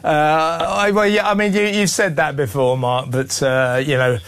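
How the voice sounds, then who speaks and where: A man's voice: fairly high pitch, fairly even intonation, moderate pace, a bit bright. A man hosting a radio phone-in, incredulous and exasperated as he argues with callers.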